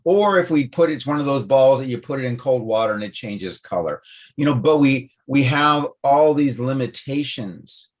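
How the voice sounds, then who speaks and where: A man's voice: mid-range voice, animated, moderate pace. A man co-hosting a talk show, explaining ideas loosely with playful examples in casual chat. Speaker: podcast co-host.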